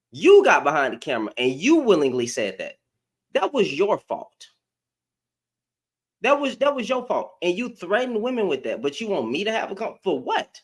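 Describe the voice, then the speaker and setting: A man hosting a livestream with a high, lively voice that swings all over. He talks heatedly and confrontationally, firing questions back at people. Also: breathy edge. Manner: confrontational, animated. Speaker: livestream host.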